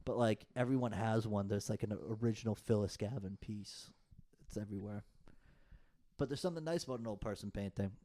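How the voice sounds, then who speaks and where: A man's voice: lowish voice, a little fast, mellow. A young man, chatting on a podcast in long, rambling, profane rants. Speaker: podcast co-host. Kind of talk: casual chat.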